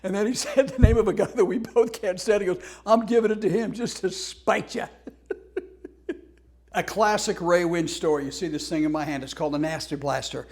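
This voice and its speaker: A man's voice: high-pitched, fairly even intonation, brisk, darkish tone. A man, a humor speaker, telling heartfelt stories about a friend and laughing through them. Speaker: humor speaker teaching a class. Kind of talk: storytelling tribute talk.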